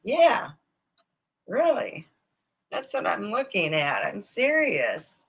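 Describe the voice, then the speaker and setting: A woman's voice: medium pitch, very animated, slow pace, fairly bright tone, husky, low-quality recording. A woman from Nevada hosting a livestream, rambling casually, digressing, swearing freely and acting out quoted voices. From Nevada, USA. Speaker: livestream host.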